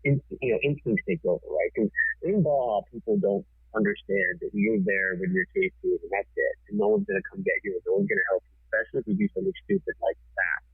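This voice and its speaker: Husky, forceful male storyteller on thin audio. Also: on the low side, big pitch swings, fast talker, dry recording. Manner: forceful, swearing freely. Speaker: TV producer, podcast guest. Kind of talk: casual storytelling. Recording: tinny phone-like sound.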